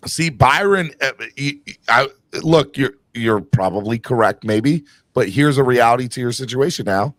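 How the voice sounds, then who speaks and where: A man's voice: mid-range voice, animated, normal speed, few pauses, fairly bright tone, no echo. A man hosting a casual sports podcast, talking emphatically and often restarting his sentences. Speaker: podcast host.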